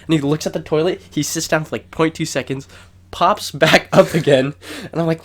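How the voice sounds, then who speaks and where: A man's voice: a little high, a little fast. A young man co-hosting a podcast, telling a long story in casual chat, rambling and swearing, with raised voices when he acts out quotes. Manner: rambling, swears a lot, lively retelling with raised acted-out quotes. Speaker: podcast co-host.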